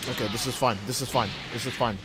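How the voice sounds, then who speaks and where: A man livestreaming a game, chatting casually and playfully with his viewers in a rambling way. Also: mid-range voice. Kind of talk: casual livestream chat while gaming.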